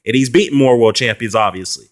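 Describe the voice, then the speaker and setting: Male vlogger, average pitch, heated and mocking, loose delivery full of fillers. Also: fast. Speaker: boxing commentary vlogger. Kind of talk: casual ranting response video.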